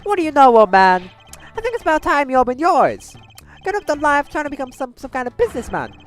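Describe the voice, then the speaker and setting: A woman voicing a brash, loud young male street punk with a taunting swagger. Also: on the low side, moderate pace, faint music behind, close to an everyday voice. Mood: angry.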